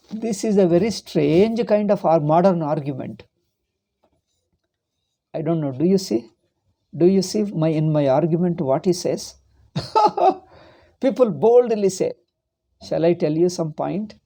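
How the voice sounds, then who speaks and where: A man's voice: sits high, dark tone. A man, a monk teaching a philosophy class, arguing with rhetorical questions and repeating his points. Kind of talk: lecture.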